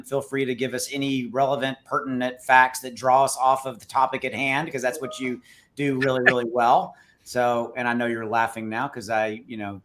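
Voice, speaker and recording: A man's voice: mid-range voice, fairly bright tone. A man hosting a casual live crypto chat, talking loosely and teasing his guests with lots of fillers. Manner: loose, joking, filler-heavy. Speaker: livestream host.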